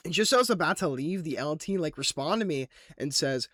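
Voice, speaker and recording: A young man rambles through a gaming recap in loose slang, swearing freely. His voice sits a little high for a man. The sound is dry and close, with no room around it. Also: expressive, fairly quick, fairly bright tone, no echo. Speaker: gaming YouTuber. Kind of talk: casual game recap narration.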